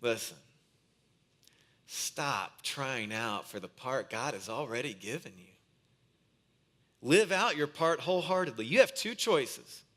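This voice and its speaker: A man's voice: mid-range voice, a bit bright. A man in his thirties, a pastor preaching a sermon, earnest and mixing in a humorous family story.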